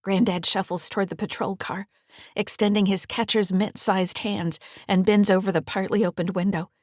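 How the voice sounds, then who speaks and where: A woman's voice: mid-range voice, level tone, moderate pace, darkish tone, dry recording, studio quality. Woman narrating a thriller audiobook. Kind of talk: scripted first-person narration.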